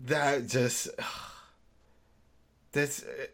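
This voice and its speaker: A man co-hosting a casual recap chat, animatedly acting out scenes in quick mimicked voices. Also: medium pitch, little pitch movement, vocal fry, fairly bright tone. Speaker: podcast co-host.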